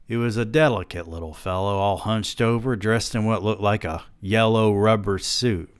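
A man reads a novel aloud in a low-key, deadpan way, now and then stepping out for a dry aside. His voice sits very low, and the close mic leaves it dry with no room sound. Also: normal speed, hardly any pauses, clean tone, no room sound. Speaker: podcast host reading a novel aloud. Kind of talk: audiobook-style reading.

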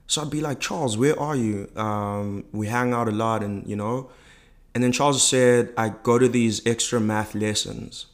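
Low flat-voiced man telling a personal story. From South Africa. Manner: reflective, halting, with many fillers. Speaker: guest. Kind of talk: personal storytelling in a podcast interview.

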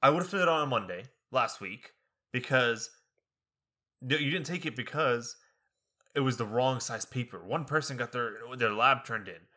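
Animated young man with a bright voice. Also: mid-range voice, moderate pace. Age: young adult. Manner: animated, acts out the people he quotes. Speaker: podcast co-host. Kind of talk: casual storytelling chat.

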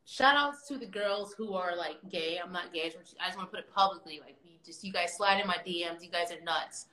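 A woman chatting casually on a livestream, telling animated, slangy stories about fans. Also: fairly low pitch, a little fast, roomy sound, low-quality recording. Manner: animated storyteller, slangy and swearing. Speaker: livestream guest.

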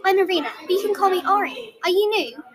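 A woman voicing an eager, curious young girl who talks in an excited, chirpy way, in a storybook reading. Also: very high-pitched, moderate pace, crowd noise.

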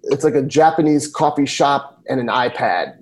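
A man's voice: medium pitch, animated, normal speed, rough recording. A man reading a casual, chatty ad on a podcast in an upbeat way. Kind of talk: casual host-read ad.

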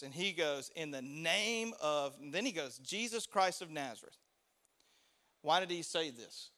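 A man preaching a sermon in a conversational, animated way, swinging between loud bursts and hushed asides. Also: fairly high pitch. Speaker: pastor.

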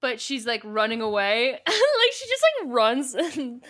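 A woman's voice: on the high side, very animated, unhurried, a bit bright. A woman co-hosting a podcast, retelling a book plot in casual, chatty talk full of fillers. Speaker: podcast co-host. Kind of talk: casual book recap chat.

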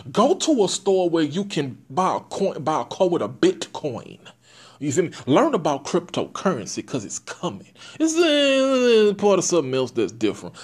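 A young man holds forth on his own podcast in a casual monologue at a mid-range pitch. He talks bluntly and profanely, in an animated way that keeps circling back to the same catchphrases. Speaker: podcast host.

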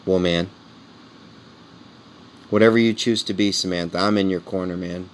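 A man in his forties with a lowish voice, rambling candidly in a casual comedian's monologue. He keeps slipping in "man" and "you know" and turns earnest and heartfelt. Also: steady tone, moderate pace, a little hiss or hum. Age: 40s. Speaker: comedian podcast host.

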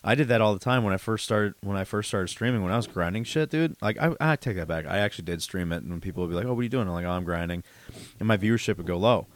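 Man, deep voice, dry close sound, profane casual podcast co-host who rambles and stresses words. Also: racing, hardly any pauses, no room sound. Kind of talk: casual chat.

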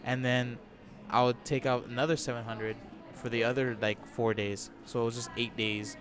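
A laid-back man of average pitch chats as a podcast guest, swearing freely and laughing at his own stories. Music plays clearly behind him. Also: fairly even intonation, moderate pace. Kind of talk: casual chat.

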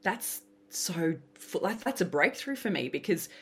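A woman's voice: on the low side, measured pace, slightly rough. A woman, a podcast guest and business coach, chatting casually and acting out the voices in her stories. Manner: animated storytelling, acts out quoted voices. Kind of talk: casual interview chat.

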